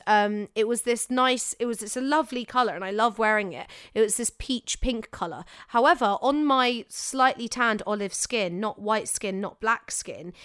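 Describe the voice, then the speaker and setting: A woman's voice: on the high side, smooth, no echo, clean studio sound. A young woman, an actor, chatting casually and animatedly as she gives advice on showreels. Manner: chatty, animated, self-correcting. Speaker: actor giving career advice.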